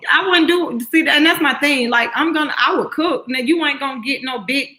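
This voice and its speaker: A woman co-hosting a casual chat, blunt and quick to laugh, repeating her point until she gets it across. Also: high voice, bright, forceful tone. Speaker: co-host.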